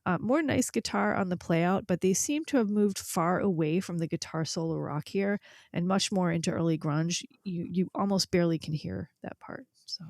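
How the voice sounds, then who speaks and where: A woman co-hosting a music review podcast in casual chat, candid and quick to laugh. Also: fairly low pitch, darkish tone, no echo, clean studio sound. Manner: candid, laughs easily, blunt opinions. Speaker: podcast co-host reviewing albums.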